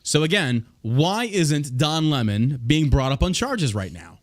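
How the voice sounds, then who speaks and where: A man's voice: fairly high pitch, very animated, measured pace. A man hosting a podcast, ranting in a profane, combative way. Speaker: podcast host. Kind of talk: casual podcast rant.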